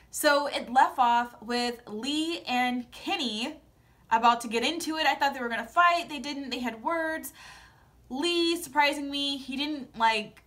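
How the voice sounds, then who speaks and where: A young woman vlogging sassy, animated, opinionated commentary in casual chat. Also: on the high side. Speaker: vlogger recapping a TV show.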